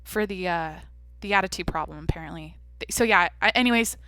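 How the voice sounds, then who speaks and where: A woman's voice: fairly low pitch, brisk, pushed and bright, no echo. Brash, foul-mouthed young woman host. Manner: brash, profane, blunt. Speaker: podcast host. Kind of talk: casual solo podcast chat.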